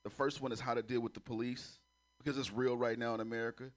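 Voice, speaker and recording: A man's voice: medium pitch, fast. A man doing a crude stand-up routine on a comedy club stage, laughing at his own jokes as he tells stories. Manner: crude, laughing, animated storytelling.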